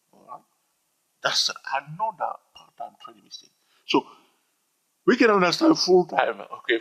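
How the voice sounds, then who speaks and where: A husky man talks through a trading lesson with a lively, swinging pitch. He stresses points by repeating them and keeps asking "all right?". The recording sounds dull and lo-fi. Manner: emphatic, repetitive, peppered with "all right?". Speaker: trading educator. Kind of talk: informal teaching monologue.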